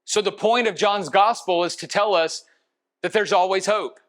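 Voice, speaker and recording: A man preaching a sermon in an earnest way, slowing down to stress key phrases. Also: high-pitched, fairly bright tone. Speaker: pastor.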